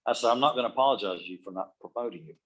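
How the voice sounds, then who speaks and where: A man's voice: on the low side, very fast, low-quality recording. A middle-aged man giving a motivational speech to a room and an online audience, telling stories and dropping his voice to make a point. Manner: storytelling, drops his voice for emphasis. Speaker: motivational speaker. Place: meeting room with live and video-call audience.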